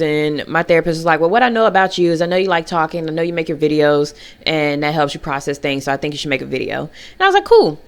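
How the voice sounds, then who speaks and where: Animated woman telling a story to camera. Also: smooth. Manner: animated, swings into high mocking voices and laughs often. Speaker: vlogger.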